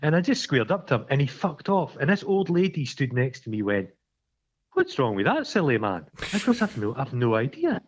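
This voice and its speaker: A Scottish man co-hosting a podcast, telling stories in a sweary, animated way and acting out the quarrels in them. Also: medium pitch, fairly quick, hardly any pauses, dull audio. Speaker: podcast co-host. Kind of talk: casual chat.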